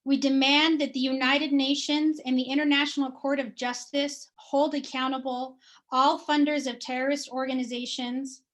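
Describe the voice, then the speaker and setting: High-voiced woman reading firm demands. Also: flat delivery, normal speed, a bit bright. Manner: emphatic, declarative, repeating "we demand". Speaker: activist speaker. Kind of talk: reading a prepared statement of demands.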